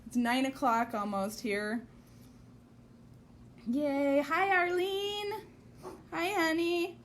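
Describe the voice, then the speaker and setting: A woman's voice: sits high, fairly even intonation, extremely slow, slight background noise. A woman hosting a casual livestream from her dining room, bubbly and greeting viewers by name. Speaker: livestream host. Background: rain and a barking puppy.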